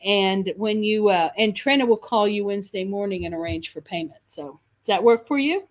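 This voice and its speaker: A woman's voice: mid-range voice, normal speed. Chatty woman selling quilt kits. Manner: chatty, enthusiastic, self-correcting. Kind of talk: live sales video.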